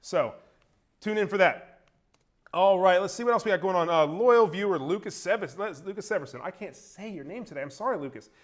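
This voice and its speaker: Quick, upbeat male co-host. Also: sits high. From Baltimore, Maryland. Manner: brisk, upbeat, chatty. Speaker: co-host reading viewer comments. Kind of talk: casual entertainment news chat.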